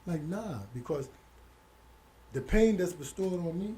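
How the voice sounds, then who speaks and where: A middle-aged man, telling stories as an interview guest, animated and quick to act out other people's voices. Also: high voice, a little hiss or hum. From Hollis, Queens, New York. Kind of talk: casual storytelling interview.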